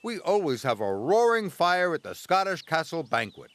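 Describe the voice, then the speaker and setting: A man's voice: fairly high pitch, very animated, moderate pace, a bit bright, slight background noise, voice pushed up. A man voicing a stately, middle-aged railway boss who speaks formally and commandingly.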